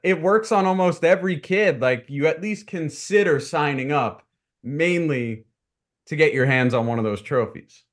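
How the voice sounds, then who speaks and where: A man co-hosting a casual podcast chat with relaxed, dry humor. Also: on the high side, moderate pace. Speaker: podcast co-host.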